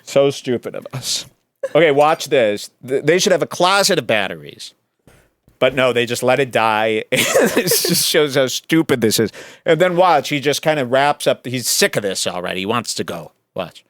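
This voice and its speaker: A man's voice: medium pitch, sing-song, moderate pace, a bit bright, no echo. Sarcastic man with a dry close voice. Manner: sarcastic, rambling, jokey. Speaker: podcast host. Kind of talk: mocking commentary on a video clip.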